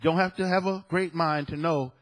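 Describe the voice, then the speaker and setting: A man's voice: a little high, fairly even intonation, moderate pace. A male preacher delivering a sermon, emphatic and dramatic, repeating key phrases for effect. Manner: dramatic storytelling with sudden loud peaks.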